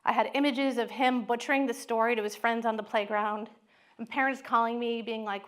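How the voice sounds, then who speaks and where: A middle-aged woman, a psychologist, giving a talk with candid, animated storytelling. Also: on the high side, a little fast.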